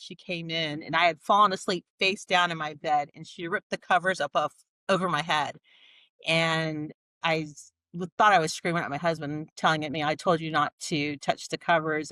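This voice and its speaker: A woman's voice: on the low side, sharp tone, no echo. A woman in her forties, a nurse practitioner guest on a podcast, telling her story candidly and acting out the dialogue. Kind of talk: casual interview storytelling.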